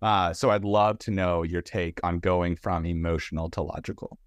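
A man's voice: low voice, level tone, normal speed, clean tone, no echo, clean studio sound. A man hosting a podcast interview, asking loose questions with fillers. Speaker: host.

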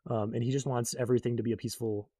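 A young man rambles through a casual story recap, full of ums and likes, and briefly acts out the characters he quotes. His voice is husky and mellow. The sound is dry and close, with no room around it. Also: mid-range voice, rapid-fire, no echo. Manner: rambling, full of fillers, animated quoting of characters. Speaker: book recap vlogger.

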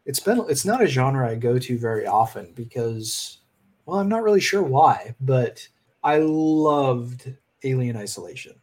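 Man, slightly husky, thoughtful, hesitant, casual gaming chat. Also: mid-range voice, lively intonation, unhurried, darkish tone. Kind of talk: casual game discussion chat.

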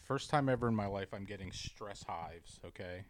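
A man in casual chat, ranting profanely about his bad day, dropping to mumbles and then yelling. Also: fairly low pitch, moderate pace.

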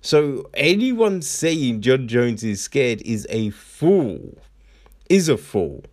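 A man's voice: mid-range voice, big pitch swings, takes it slowly, a little mellow. A young man recapping a fight card in a loose, slangy monologue, often repeating himself and asking "you know what I mean?". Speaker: MMA commentator.

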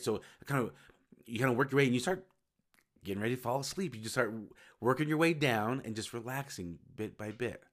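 A low-voiced man talks through his solo podcast in a loose, unscripted way. He wanders, restarts phrases and fixes his own words as he goes. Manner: rambling, self-correcting, informal. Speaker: podcast host. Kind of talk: casual solo podcast talk.

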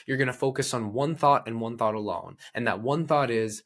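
A man, a life coach, telling a story in a casual, blunt and animated way, swearing freely. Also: medium pitch, fairly quick, few pauses.

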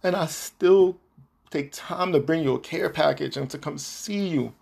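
A man's voice: fairly high pitch, measured pace, vocal fry, darkish tone, slightly rough. A man hosting a podcast, delivering a heated, profane, repetitive monologue addressed to an ex-partner. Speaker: podcast host.

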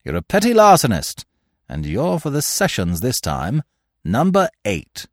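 A man voicing a brisk, mock-cheerful police desk sergeant reading out charges. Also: medium pitch, wildly swooping pitch, no room sound, studio quality, voice pushed up, full character voice.

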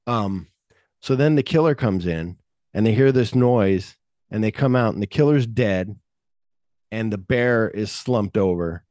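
A man's voice: on the low side, measured pace, no room sound, clean studio sound. A man hosting a podcast in casual chat, retelling a film script and acting out the lines in a raised voice. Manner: animated storyteller, acts out quotes in a raised voice, swears often. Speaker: podcast host.

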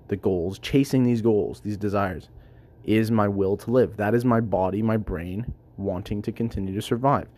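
A man with a lowish, dark-toned voice hosts his own podcast, musing aloud on his own. He rambles and keeps interrupting himself, recorded at his workplace without a microphone.

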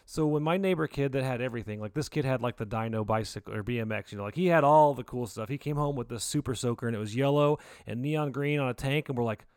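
A man in his forties co-hosting a podcast, telling a story in casual, excitable chat. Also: quick pace, few pauses, clean tone, dry recording, studio quality. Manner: excitable storyteller, jumps pitch for quoted voices. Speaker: podcast co-host.

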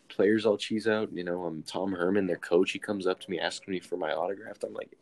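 A man's voice: low-pitched, steady tone, brisk, hardly any pauses, darkish tone, no room sound. A young man from Texas, telling a self-mocking story in casual chat and acting out the quotes.

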